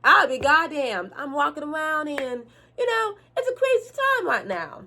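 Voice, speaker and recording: Girl hamming up a twangy cowgirl sheriff, high and drawly, bossing folks around. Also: big pitch swings, normal speed, a crowd in the background. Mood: hammy. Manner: exaggerated drawling twang, hammy.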